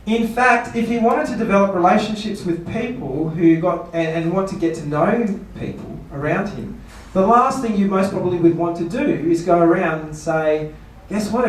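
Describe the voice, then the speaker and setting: A man's voice: on the high side, slight background noise. A man, a pastor giving a seminar talk, asking rhetorical questions and playfully mock-quoting people. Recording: echoey room, voice from far off.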